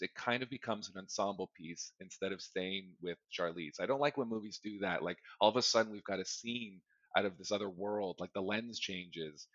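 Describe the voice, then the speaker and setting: A man from Canada co-hosting a podcast, chatting casually and relaxed about a film. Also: sits low, no echo, highs cut off. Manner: relaxed, chatty, laughs along. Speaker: podcast co-host. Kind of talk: casual movie review chat.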